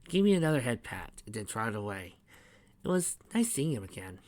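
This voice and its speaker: A man reading his fan fiction aloud in the first person, plain and steady. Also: on the low side, fairly quick, no room sound. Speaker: narrator.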